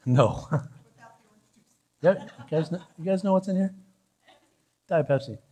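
A man's voice: on the high side, a little slow, dark tone, breathy edge. A middle-aged man preaching a sermon as pastor in a church, chatty, with joking asides and frequent restarts. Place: church sanctuary.

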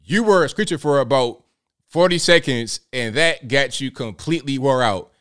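A man's voice: medium pitch, animated, normal speed, fairly bright tone. A man hosting a live show, reacting to clips with slangy jokes and frequent laughter. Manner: joking, slangy, laughs often. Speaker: host.

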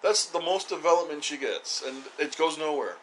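A man's voice: on the high side, expressive, normal speed, a little hiss or hum, rough recording. A man co-hosting a podcast in casual chat, acting out scenes in put-on voices as he talks. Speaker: podcast co-host.

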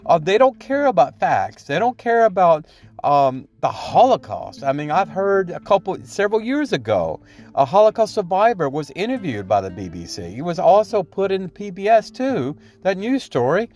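A man's voice: high voice, sing-song, moderate pace, darkish tone. A man hosting a podcast, giving solo opinion commentary in a rambling, indignant way, often tagging his points with "okay?" and trailing off into fillers. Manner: frequent fillers and restarts, indignant. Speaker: podcast host.

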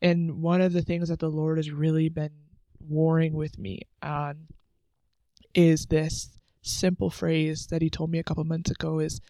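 A young woman talks through her faith in a chatty, earnest way, full of filler words. Her voice is warm and relaxed, with a gravelly fry at the ends of phrases. She sounds close and dry, sitting on the floor at home. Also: low-pitched, unhurried, no room sound. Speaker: podcast host. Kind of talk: casual devotional talk.

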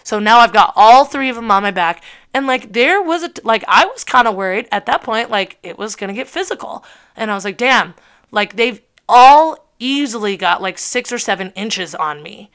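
A young woman in her early twenties recounts a night out, talking in a lively, profane run packed with filler words. Her voice sits a touch high and sounds bright and crisp. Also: normal speed. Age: early 20s. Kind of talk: casual storytelling.

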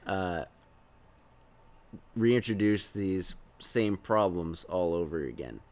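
A man's voice: low voice, lively intonation, slow, pauses often, darkish tone. A man hosting a podcast, chatting casually about a movie, rambling, chuckling and trailing off mid-sentence. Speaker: podcast host. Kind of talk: casual movie review chat.

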